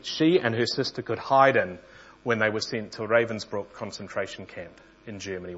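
A man's voice: fairly low pitch, a bit bright, husky, muffled recording. A man preaching a sermon in an earnest storytelling manner, sometimes restarting phrases.

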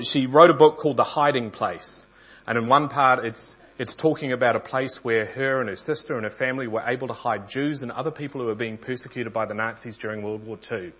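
Husky-voiced male preacher. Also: medium pitch, fairly bright tone, dull audio. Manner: earnest storytelling, occasional restarts. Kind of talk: sermon.

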